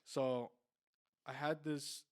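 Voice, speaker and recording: A man's voice: mid-range voice, little pitch movement, very slow. A young man, a car salesman on a podcast, telling a long story casually, with lots of fillers and restarts. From Mexican heritage.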